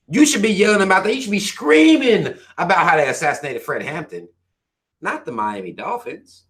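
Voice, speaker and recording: A man's voice: mid-range voice, sharp tone. A man hosting a livestream, reading viewer comments aloud and ranting at them in a profane, preachy way, firing questions at his listeners. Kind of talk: livestream rant.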